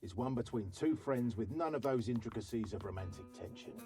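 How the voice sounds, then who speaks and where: A man's voice: medium pitch, expressive, a little fast, dark tone, soft background music, lightly acted. A man voicing a stern, broad, protective doorman who is a living door in a video game, speaking formally. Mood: solemn.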